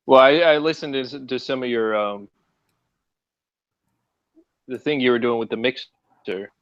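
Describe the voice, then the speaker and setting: A man's voice: mid-range voice, measured pace, no echo. A man joining a group call, chatting casually and hesitantly, often repeating words. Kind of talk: casual chat. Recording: dull, lo-fi call audio.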